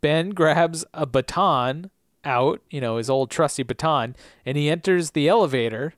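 A woman's voice: sits low, moderate pace, no echo, studio quality. A woman co-hosting a casual podcast, easygoing as she recaps a story. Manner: narrates the plot, easygoing. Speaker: podcast co-host.

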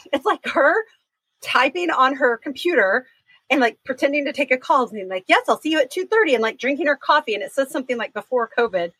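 A woman's voice: high-pitched, fairly bright tone, slightly rough, no room sound, poor audio. A woman co-hosting a podcast in casual chat, gushing and laughing often. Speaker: podcast co-host.

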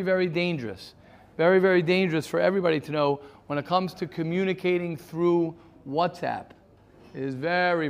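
Man teaching a study class, fairly high voice. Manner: frequent restarts, Hebrew terms mixed in. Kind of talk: interactive lecture.

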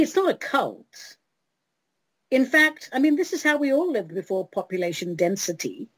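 A woman's voice: medium pitch, darkish tone, breathy edge, no echo, rough recording. A woman hosting an internet radio talk show, answering listener letters in a theatrical, playful way and calling her listeners darlings.

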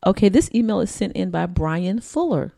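A woman co-hosting a casual podcast, sassy and animated, laughing often as she reads a listener email. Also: mid-range voice, moderate pace, vocal fry, no echo. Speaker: podcast co-host.

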